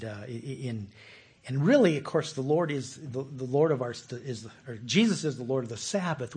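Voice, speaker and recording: Pastor guy preaching real casual, bit high, husky, keeps asking the crowd stuff. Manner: conversational, animated, often asks listeners questions. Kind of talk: sermon.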